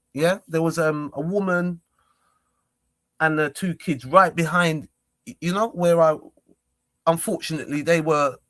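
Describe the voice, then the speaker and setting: A young man recounts a confrontation in an animated, repetitive way, voicing both sides of the argument. His voice sits a little high. The recording is dry and close. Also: no room sound. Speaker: vlogger. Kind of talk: casual storytelling.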